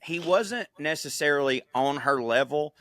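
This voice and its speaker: A man co-hosting a podcast, telling a story in casual chat, profane and animated, putting on funny voices for quotes. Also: fairly high pitch, moderate pace, dry recording. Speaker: podcast co-host.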